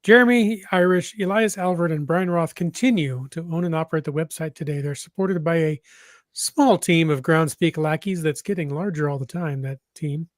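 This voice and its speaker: A man co-hosting a podcast in casual chat, telling stories in a relaxed, joking way. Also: a little high, moderate pace, no room sound, studio quality. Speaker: podcast co-host.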